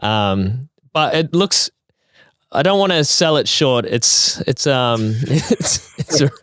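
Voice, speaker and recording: Male co-host, smooth clear voice, deadpan sarcasm, dry sound. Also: mid-range voice, takes it slowly, dry recording. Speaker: podcast co-host. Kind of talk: casual chat.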